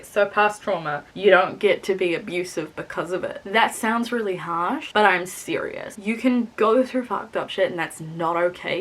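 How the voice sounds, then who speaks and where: A young woman talks through a novel she has read, blunt and expressive, and she swears freely. Her voice sits a little low for a woman. The delivery is casual vlog chat. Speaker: book reviewer. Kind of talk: casual book review vlog.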